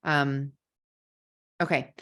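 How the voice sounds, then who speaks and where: A woman's voice: extremely low pitch, little pitch movement, extremely slow, a bit bright. A woman who teaches kindergarten, earnestly telling a story in a live parenting masterclass and repeating words as she thinks.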